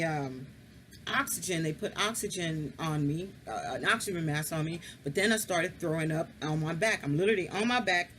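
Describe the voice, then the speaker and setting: A woman's voice: fairly low pitch, a little hiss or hum. A woman casually telling a personal story, frank and candid, swearing freely and confiding straight to the listener.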